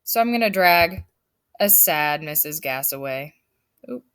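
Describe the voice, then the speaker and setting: A woman's voice: low-pitched, lively intonation, unhurried, fairly bright tone, smooth. A woman teaching her fifth grade class in a recorded lesson, firm and emphatic as she explains step by step.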